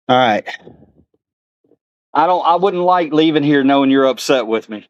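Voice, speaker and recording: A man's voice: fairly high pitch, normal speed, pauses often, no echo. A man vlogging outdoors at a zoo, chatting to viewers and talking to the animals. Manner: chatty, laughs often, talks to animals. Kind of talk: casual chat to viewers.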